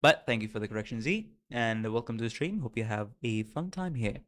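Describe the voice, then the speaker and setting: A man's voice: mid-range voice, animated, a little fast, a bit bright. A young man streaming, chatting casually with his viewers, playful and often laughing. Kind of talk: casual live-stream reaction chat. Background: faint music.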